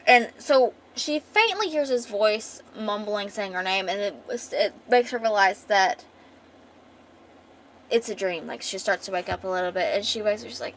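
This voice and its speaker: A woman's voice: medium pitch, moderate pace, a little hiss or hum. A woman streamer chatting casually with viewers while retelling and reading a comic aloud, full of fillers and restarts.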